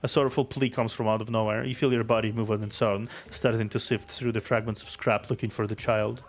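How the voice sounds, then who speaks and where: A man streaming a game, reading its story aloud in steady narration with offhand asides. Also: fairly low pitch, brisk, a little hiss or hum.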